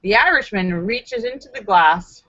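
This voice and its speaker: A woman hosting a live stream, reading out viewer jokes and laughing along, popping into high character voices. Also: lively intonation, measured pace, no room sound, dull audio. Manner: giggly, doing bright character voices in jokes. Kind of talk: live-stream joke telling.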